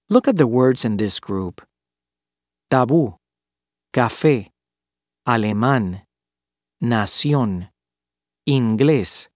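A man reading a scripted pronunciation lesson, clearly enunciating each model word. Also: mid-range voice, no echo, studio quality. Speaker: language teacher.

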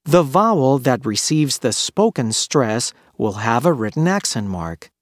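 Slow, lively-pitched man teaching pronunciation. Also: dry recording, studio quality. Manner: slow, clearly enunciated model words. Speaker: language teacher. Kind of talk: scripted pronunciation lesson.

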